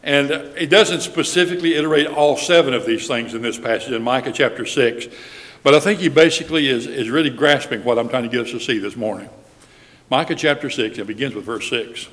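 A man preaching a Sunday sermon, with a measured delivery that slows down when he reads scripture aloud. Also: mid-range voice, a bit bright. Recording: reverberant hall.

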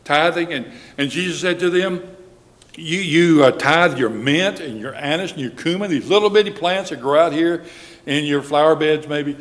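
A man preaching a Sunday sermon, with a measured delivery that slows down when he reads scripture aloud. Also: on the high side. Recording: reverberant hall.

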